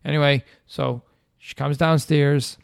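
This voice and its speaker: A man in his thirties co-hosts a podcast in casual storytelling mode. He rambles and repeats himself, and his voice has a gravelly edge. The sound is close and dry, with no room around it. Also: fairly high pitch, steady tone, a little slow, dry recording. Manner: rambling, repeats himself, drops to a hush when retelling secrets. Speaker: podcast co-host.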